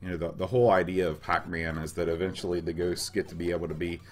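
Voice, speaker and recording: A middle-aged man with a very low, raspy voice that sounds hoarse, as if he is fighting a cough. He rambles easily through casual gameplay chat on a retro gaming podcast, explaining things as he plays. Faint game music runs underneath. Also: level tone, fast.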